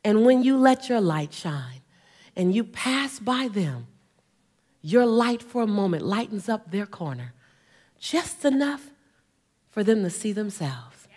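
A woman's voice: mid-range voice, very animated, slow, pauses often, a little mellow. A woman in her forties giving a keynote to a live audience, telling humorous stories and calling for responses from the crowd. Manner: fervent, rousing exhortation. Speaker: motivational speaker.

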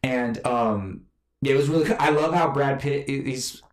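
A man's voice: mid-range voice, normal speed, a little hiss or hum. Rambling man in an echoey room. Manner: rambling, animated, many fillers and restarts. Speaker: podcast co-host. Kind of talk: casual movie chat.

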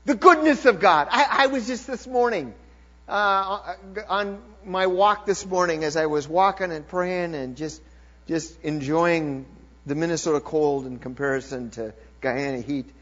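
A man preaching a sermon, reading scripture quietly and then building to loud, shouted exclamations. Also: fairly high pitch, a little slow. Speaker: pastor. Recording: lo-fi recording with mains hum.

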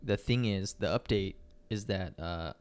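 Young guy on a podcast, lowish voice, laid back and rambly. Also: a little slow, clean tone, no echo. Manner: relaxed, rambling with fillers. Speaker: podcast co-host. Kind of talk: casual chat, reading news articles.

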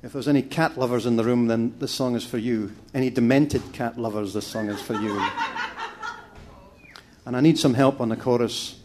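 A man's voice: medium pitch, fairly even intonation, normal speed, noisy background. A man, a folk singer joking with a live audience and coaxing them to sing along between songs.

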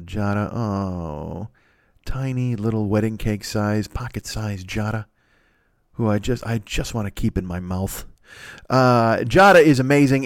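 A man's voice: fairly high pitch, no room sound, clean studio sound. A man in his forties hosting a solo podcast, rambling through profane, self-mocking comic riffs. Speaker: podcast host. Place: at home.

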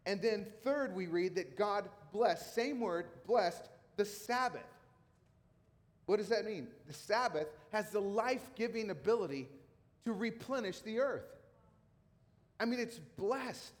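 High-voiced man preaching in a reverberant hall. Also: expressive, measured pace. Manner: conversational, emphatic repetition. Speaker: pastor. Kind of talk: sermon.

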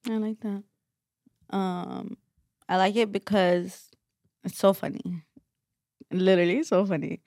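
A young woman co-host talking in a loose, rambling way, full of "like" and restarts, with the odd swear word tossed in. Her pitch sits in the middle, and the sound is dry and close with no room echo. It feels like an easygoing podcast chat. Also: steady tone, a little slow, long pauses, a little mellow. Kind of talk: casual chat.

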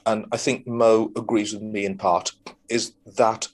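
This podcast co-host talks in a fairly low voice with little pitch movement, keeping a measured pace. He rambles casually about a TV episode in a film-review chat, full of ums, false starts and cursing.

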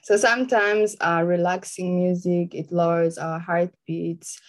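A woman's voice: lowish voice, steady tone, measured pace. A woman giving an informal Christian teaching talk, chatty and laughing often, with many fillers.

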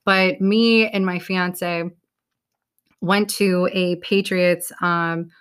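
A woman's voice: lowish voice, steady tone, very slow, fairly bright tone, clean tone. Upbeat New woman giving a pep talk. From New England. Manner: upbeat, casual, swears now and then. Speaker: podcast host.

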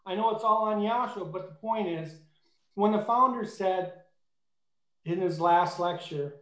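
High-voiced emphatic male preacher, echoey room. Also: a little slow, fairly bright tone. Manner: emphatic, rising to high fervent peaks. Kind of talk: sermon.

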